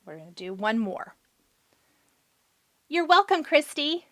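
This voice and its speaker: A woman with a high, very animated, sharp-toned voice speaks slowly as she hosts a live card-making demonstration. She has the hiccups but keeps chatting casually and answering viewers' questions while she works.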